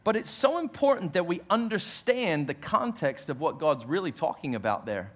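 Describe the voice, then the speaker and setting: A man preaching a sermon as pastor, emphatic, dropping his voice low on key words. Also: sing-song, moderate pace, fairly bright tone.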